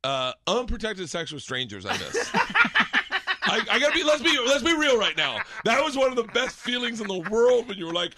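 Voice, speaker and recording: A tipsy man telling rowdy stories in casual chat, laughing and breaking into animated impressions. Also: very high-pitched, brisk, background noise. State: tipsy from drinking.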